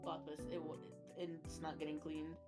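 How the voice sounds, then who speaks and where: A woman's voice: sits low, completely flat delivery, normal speed, over music. A young woman friend chatting casually on a stream, teasing and reacting playfully. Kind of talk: casual chat.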